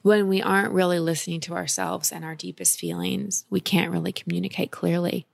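A woman's voice: lowish voice, little pitch movement, fairly quick, creaky. A woman giving a caller direct, emphatic emotional coaching in a conversation. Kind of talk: advice conversation.

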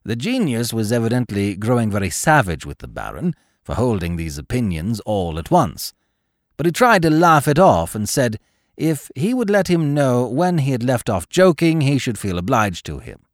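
A man narrating a classic tale as an audiobook, expressive and measured. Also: medium pitch, no echo, clean studio sound.

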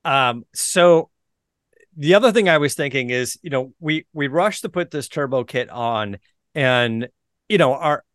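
A man's voice: medium pitch, expressive, unhurried, fairly bright tone, smooth, dry recording, clean studio sound. A man hosting a podcast, talking casually and enthusiastically about cars in a loose, rambling way with plenty of fillers. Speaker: podcast host. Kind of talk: casual chat.

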